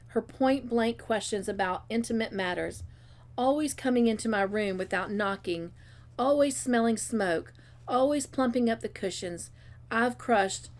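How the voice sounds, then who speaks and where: Woman narrator, storybook reading, expressive and lively with dialogue. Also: fairly high pitch. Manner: expressive reading with character voices. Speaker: storybook reader. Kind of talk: reading a novel aloud.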